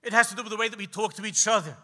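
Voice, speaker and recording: A man, a rabbi preaching to a gathering, telling stories with passion and slowing down for emphasis. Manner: impassioned storytelling, slows for emphasis, drops low and quiet at key lines. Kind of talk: sermon at a gathering. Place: live event hall.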